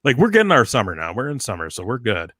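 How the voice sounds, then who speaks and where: A man co-hosting a casual wrestling talk show, energetic and peppering his speech with dude and like. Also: medium pitch, fast, no room sound, studio quality. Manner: energetic, says dude and like a lot. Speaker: podcast co-host. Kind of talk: casual chat.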